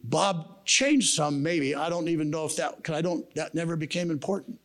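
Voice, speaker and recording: A man's voice: fairly high pitch, normal speed, creaky. A man giving a sermon at a men's camp, telling a personal story in a casual, slangy way. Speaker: camp speaker. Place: camp meeting room.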